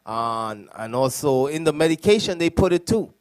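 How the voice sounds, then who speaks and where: A man's voice: a little high, lively intonation, normal speed, darkish tone, dry recording. A young man serving as a deacon, speaking loosely and conversationally in a classroom, laughing at his own jokes. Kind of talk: classroom teaching.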